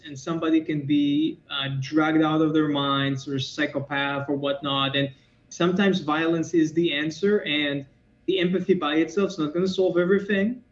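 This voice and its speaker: Quick-talking man, echoey dull call audio. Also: fairly high pitch. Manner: quick, explanatory, storytelling with asides. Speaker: martial arts teacher, guest. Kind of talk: podcast interview.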